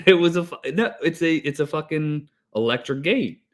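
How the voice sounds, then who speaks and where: A man's voice: on the high side, moderate pace. A man in his thirties, an HVAC technician co-hosting a podcast, telling a rambling story in a hyper, breathless way with lots of swearing. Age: 30s. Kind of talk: casual chat.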